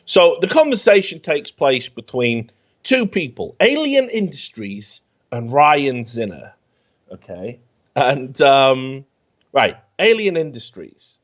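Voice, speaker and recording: A man's voice: mid-range voice, takes it slowly. Sarcastic man riffing on comments, muffled sound. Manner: animated, sarcastic, swearing freely. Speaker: host. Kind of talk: casual comedic commentary, reading comments aloud.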